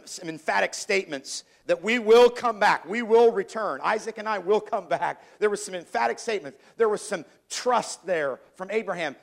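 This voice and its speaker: High gravelly-voiced man preaching. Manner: reads scripture in archaic cadence, slowing for emphasis; repeats words and restarts as he builds points. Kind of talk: sermon with scripture reading.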